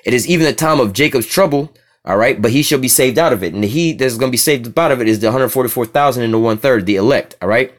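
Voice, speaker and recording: A man gives a Bible teaching in loose street talk, rushing through his points with profanity and constant asides to the listener. He slows right down to read verses aloud, then picks up speed again. His voice sits in an ordinary middle pitch. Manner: rough slang and profanity, frequent "you know what I'm saying"; reads scripture slowly, then preaches fast and heated.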